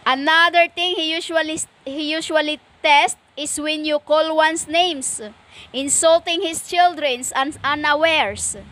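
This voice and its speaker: Woman, stern lecturing preacher; very slow, halting delivery, bright tone. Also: sits high, steady tone. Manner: stern and lecturing, slow with many pauses and fillers. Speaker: self-styled preacher. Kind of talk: impassioned spiritual monologue.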